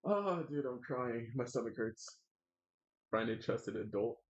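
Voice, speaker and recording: Slow, animated streamer with a dull mic. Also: medium pitch. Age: adult. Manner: playful mock-whining, frequent laughter. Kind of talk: casual live-stream chat while drawing.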